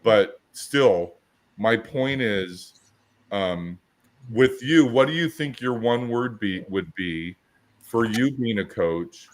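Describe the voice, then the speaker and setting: A coaching podcast co-host talks slowly in a fairly low voice full of lively intonation. His casual chat is assertive, and he acts out the quotes in his stories.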